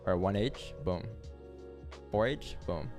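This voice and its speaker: A man's voice: on the low side, lively intonation, slow pace, darkish tone, soft background music. A young man hosting a live trading stream, talking loosely and repeating himself as he walks through charts. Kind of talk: casual live-stream commentary.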